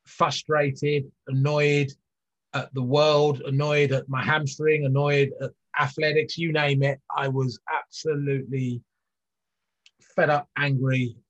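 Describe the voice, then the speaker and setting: Taking his time in a slightly high, level voice, a middle-aged ex-athlete tells his story earnestly and candidly as an interview guest. The reflective conversation is full of fillers and restarts, captured in dull lo-fi sound.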